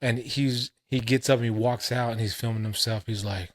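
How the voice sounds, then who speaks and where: A man co-hosting a casual podcast, telling stories in animated, profane slang. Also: on the low side, normal speed, hardly any pauses. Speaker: podcast co-host. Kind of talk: casual chat.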